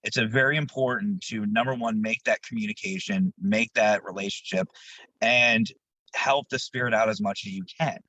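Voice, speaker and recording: A man who investigates the paranormal, a guest on an interview show, telling his stories in a casual, animated way. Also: fairly low pitch, normal speed, no room sound, low-quality recording. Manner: animated, jumps into quoted voices, laughs while telling stories.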